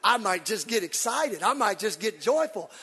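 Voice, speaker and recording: A man preaching to his congregation with a high, bright, slightly breathy voice that leaps up and down as he acts out little scenes. He swings from hushed asides to shouted exclamations. His words ring out with a long reverb in a big church hall. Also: moderate pace. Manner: animated, preacherly, acts out quotes with shouts and laughs. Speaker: pastor. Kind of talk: sermon.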